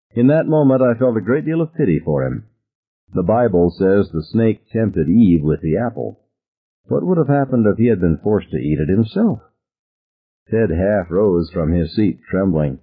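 Husky male narrator, phone-like audio. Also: low-pitched, animated, moderate pace. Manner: vivid first-person storytelling, voices characters.

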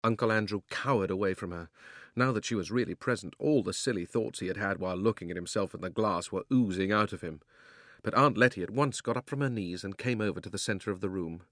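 A man narrating a chapter of a children's novel as an audiobook, with expressive storytelling. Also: on the low side, fast, no echo. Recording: dry close studio sound.

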